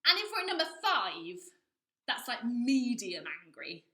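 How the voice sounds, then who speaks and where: A woman with a high, very bright, lively voice leads a children's drama lesson. She coaches the kids directly and encourages them warmly. The room is echoey, with faint music behind her. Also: measured pace. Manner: encouraging, talks directly to children, acts out anger levels. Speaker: drama teacher.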